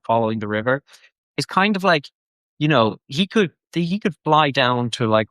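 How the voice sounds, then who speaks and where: A man hosting a casual show discussion, rambling with many fillers and quick mock quotes. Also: medium pitch, a bit bright, no echo. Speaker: podcast host.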